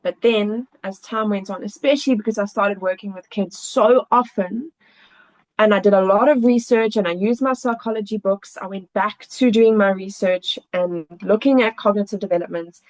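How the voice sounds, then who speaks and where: Earnest woman guest, mid-pitched. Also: normal speed, darkish tone, low-quality recording. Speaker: guest, kids coach. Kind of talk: casual conversation.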